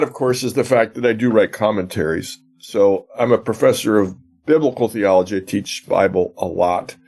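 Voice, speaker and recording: Medium in pitch and a little mellow, a professor of biblical theology fields interview questions. Like an earnest teacher, he explains a gospel passage and brings its scenes to life with quoted dialogue.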